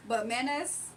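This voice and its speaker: A woman's voice: high-pitched, recorded from a distance, noisy background. A woman livestreaming a card reading, ranting bluntly to her chat with repetitive rhetorical questions. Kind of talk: heated livestream rant to chat.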